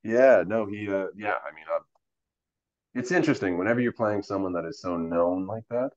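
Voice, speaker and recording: A man with a very low voice appears as an actor guest in a relaxed, casual storytelling interview, speaking at normal speed. He tells stories animatedly, full of fillers, acting out the dialogue he quotes. The recording sounds muffled and lo-fi.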